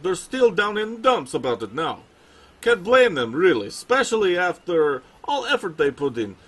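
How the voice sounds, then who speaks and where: A man's voice: high-pitched, big pitch swings, normal speed, fairly bright tone, slightly rough, full character voice. A man voicing a kindly, chatty male bear trainer with a put-on Russian accent and old-fashioned phrasing, reading game dialogue aloud. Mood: cheerful.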